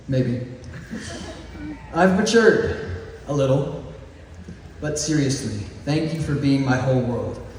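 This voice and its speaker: Speaking in a mid-range, somewhat mellow voice, the valedictorian, a young man of about eighteen from East Texas, offers a graduation speech that is both heartfelt and joking. He chuckles as he moves through slow, deliberate phrases. The sound is distant and echoey, as in a big hall or gym, with faint noise.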